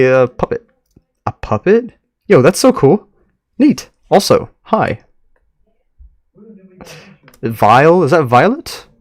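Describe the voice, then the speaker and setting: A man streaming live, reading an online story aloud and reacting with frequent laughs and excited remarks. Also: mid-range voice, no echo, clean studio sound.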